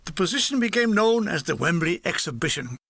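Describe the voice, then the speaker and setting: A man narrating his own war memoir as an audiobook, with wry, comic deadpan storytelling. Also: sits high, fairly quick, vocal fry, no room sound, clean studio sound. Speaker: author and narrator.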